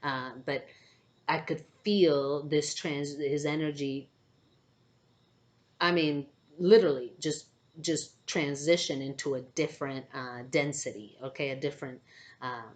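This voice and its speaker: A woman's voice: deep voice, steady tone, unhurried. A woman who is an empath, telling a spiritual story to camera with hesitant phrasing, many fillers and frequent "okay?" check-ins.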